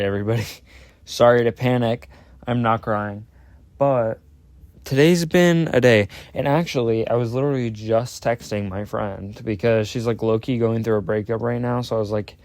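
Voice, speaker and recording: Young man, podcast host, casual rambling chat, sweary, mid-pitched voice, dry close recording. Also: moderate pace, dry recording. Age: young adult. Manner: rambling, sweary, self-interrupting.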